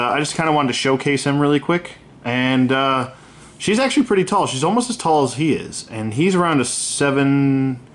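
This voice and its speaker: A man's voice: medium pitch, a bit bright. A man talks through an action figure review in a loose, unscripted way, voicing his gripes bluntly and cursing without a second thought. His sentences wander, restart and fill up with ums and uhs as he handles the toy. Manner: candid, griping, swears freely; rambling with many fillers and self-corrections.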